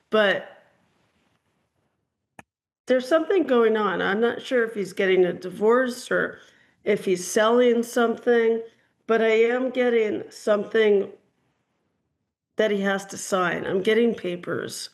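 Woman psychic host, gravelly low-energy fry, chatty and rambling, call-in reading. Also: takes it slowly, long pauses. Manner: chatty, hedging, frequent ums and "I'm getting". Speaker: psychic reader hosting a call-in show.

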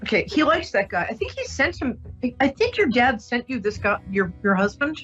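A woman hosting a psychic radio show, talking gently and reassuringly with many ums and restarts. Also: a little high, very animated, normal speed, slightly rough, lo-fi sound, soft background music. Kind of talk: casual radio psychic reading.

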